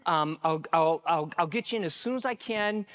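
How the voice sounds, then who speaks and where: A man's voice: fairly high pitch, normal speed, a bit bright, long reverb tail, close to an everyday voice. A man voicing a busy male doctor who answers in a hesitant, dismissive way. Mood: offhand.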